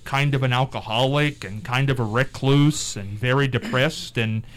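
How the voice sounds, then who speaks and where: Speaking at a normal speed with a medium pitch, a male radio host runs a casual on-air chat. He tells stories with lively energy, teasing his co-hosts playfully and quizzing them along the way.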